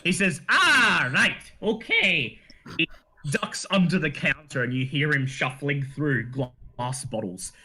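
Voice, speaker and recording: A man narrating a tabletop game as game master, describing scenes in a lively, storytelling way. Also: medium pitch, moderate pace. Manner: animated storyteller, laughs along.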